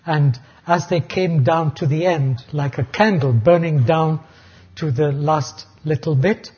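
A man's voice: on the high side, warm tone, breathy edge. A man preaching a sermon, earnestly explaining terms and sometimes restarting phrases. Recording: dull lo-fi recording.

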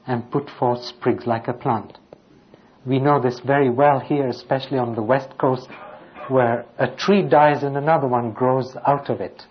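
Preaching man on a dull, lo-fi recording. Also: mid-range voice. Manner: reads scripture aloud and poses rhetorical questions. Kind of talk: sermon.

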